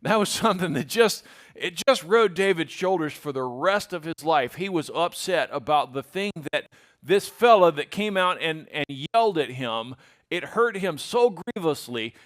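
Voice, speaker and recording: A man with a somewhat high voice teaches from the Bible. He has a relaxed, folksy delivery and mixes plain modern phrasing with read-aloud verses in older English. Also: moderate pace. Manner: folksy, retells scripture in everyday words, reads King James verses aloud.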